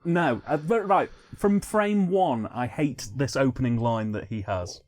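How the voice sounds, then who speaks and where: A man co-hosting a comedy film commentary, wry and blunt, often jumping into high, excited exclamations. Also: measured pace. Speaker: co-host.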